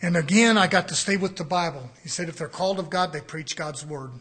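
Fiery preacher man, high bright voice. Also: fairly quick. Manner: fiery preaching, swings from low murmurs to shouts. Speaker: pastor. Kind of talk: sermon.

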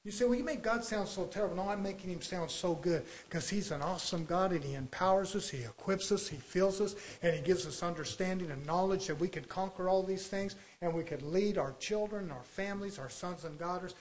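A man preaching a sermon with fervent energy, moving between quiet asides and loud exhortation, telling stories in a folksy, colloquial way. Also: high voice, a little fast, few pauses, low-quality recording.

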